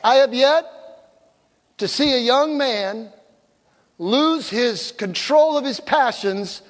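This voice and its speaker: An older pastor with a notably high voice preaches slowly, his lively intonation carrying a sermon that blends teaching and humor. He acts out quotes to drive his points home, and a long hall reverb trails every word.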